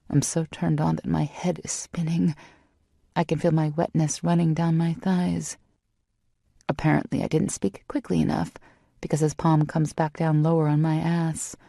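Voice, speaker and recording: A woman narrates a first-person romance audiobook in an intimate, steady way. Her lowish voice is husky, dark and full of vocal fry. The recording is close and dry. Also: no echo.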